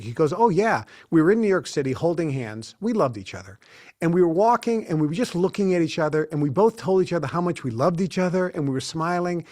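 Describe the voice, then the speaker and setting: No echo here: a man in his sixties with a voice on the high side, appearing as a studio interview guest. He tells drawn-out anecdotes and acts out the dialogue within them.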